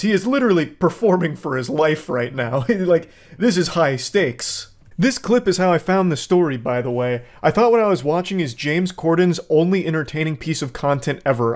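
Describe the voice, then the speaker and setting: Sarcastic profane male commentator. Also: a little high. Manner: sarcastic, profane, deadpan mock praise. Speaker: commentary host. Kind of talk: reaction commentary.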